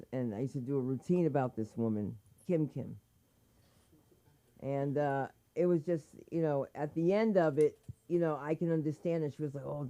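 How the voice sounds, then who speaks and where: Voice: medium pitch, warm tone. A comedy teacher giving frank, practical feedback to performers in casual chat after their sets. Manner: frank, advising, anecdotal.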